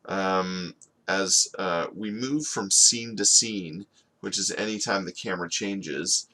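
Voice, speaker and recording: A man teaching storyboarding in a casual screen-recorded tutorial, talking in a relaxed, conversational way and often checking in with "okay?". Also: low-pitched, takes it slowly. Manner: relaxed and conversational, with frequent fillers. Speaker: animation storyboard instructor.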